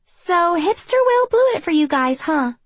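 A woman reading an audiobook, voicing a chatty, caring teenage girl friend in a higher, brighter voice. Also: big pitch swings, moderate pace, no room sound. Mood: bubbly concerned. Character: bubbly teen girl friend, warm, chatty.

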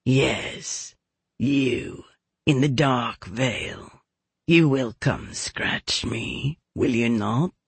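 A man voicing a sultry cat woman with a low growling voice and slow, hushed, beckoning speech in a storybook. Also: creaky, breathy edge, heavily acted. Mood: low coaxing.

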